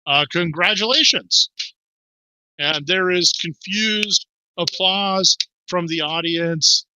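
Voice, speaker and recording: Very bright-voiced male game master. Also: high-pitched, slow pace, slight background noise, rough recording. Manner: lively narration with put-on voices and fillers. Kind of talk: narrating a tabletop game.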